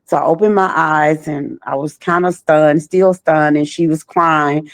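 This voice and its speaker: A woman survivor recounting her past in a halting, slow way, often repeating phrases. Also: low voice, steady tone, dry recording. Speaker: trafficking survivor guest. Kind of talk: personal testimony.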